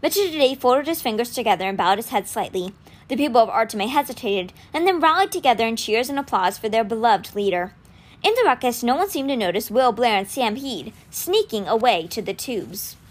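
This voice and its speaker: Expressive woman reading a novel aloud. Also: on the high side, fairly quick. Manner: expressive storytelling. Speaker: audiobook reader.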